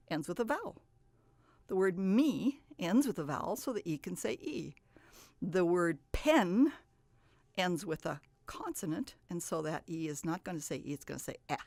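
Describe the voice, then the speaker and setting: A woman's voice: on the low side, gravelly, a little mellow, no room sound. A woman teaching a phonics lesson, patiently explaining step by step and stressing the sounds she demonstrates. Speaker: reading teacher.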